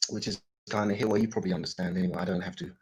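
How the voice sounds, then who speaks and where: A man doing improvised stand-up comedy, deadpan with bursts of loud mimicry. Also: sits low, very fast, slight background noise, poor audio.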